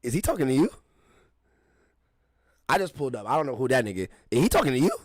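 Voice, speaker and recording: A man's voice: medium pitch, big pitch swings, fast talker, a little mellow, no echo. A young man co-hosting a podcast, chatting casually, laughing a lot and acting out other people's lines in silly voices. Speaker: podcast co-host. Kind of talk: casual comedic banter.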